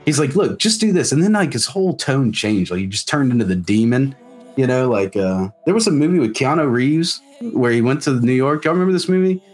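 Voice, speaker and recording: A Southern musician from South Mississippi, appearing as a guest, tells stories in casual chat with a mid-range, darkish voice. He talks briskly with lively intonation, rambling along, dropping "like" constantly and swearing freely.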